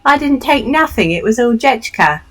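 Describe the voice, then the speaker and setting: A woman voicing a cheeky young thief boy in a put-on Cockney accent, jeering and rough-spoken. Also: expressive, normal speed, a bit bright. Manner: shrill, jeering, rough street talk.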